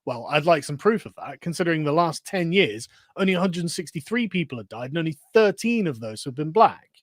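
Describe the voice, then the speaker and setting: A man's voice: a little high, expressive, brisk, no room sound, studio quality. A man in a played clip, delivering sarcastic online commentary full of rhetorical questions.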